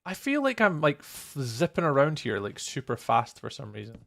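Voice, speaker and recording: A Scottish man in his young adult years talks loosely to his live-stream chat, greeting viewers by name and laughing often. His voice has a gravelly, creaky edge, and his pitch swings widely, lively up and down. He sounds close to the mic. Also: normal speed. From Scotland.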